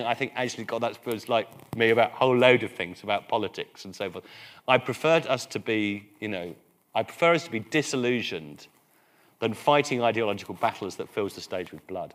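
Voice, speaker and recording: An English man, a priest speaking as the guest at a live public conversation, animated and full of halting restarts. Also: medium pitch. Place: London event hall.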